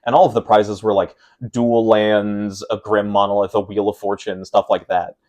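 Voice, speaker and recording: A low-pitched young man talks through a card game turn by turn in a casual interview. He lays out each choice methodically, and his delivery livens up as he recounts a frustrating defeat. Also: moderate pace. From Pacific Northwest of the United States. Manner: explains game plays step by step, animated when retelling frustration. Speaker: guest, tournament player.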